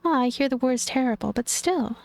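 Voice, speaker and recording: A woman voicing a kindly male street priest in a video game, speaking gently and soothingly. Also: high-pitched, expressive, brisk, creaky, soft background music. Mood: gentle.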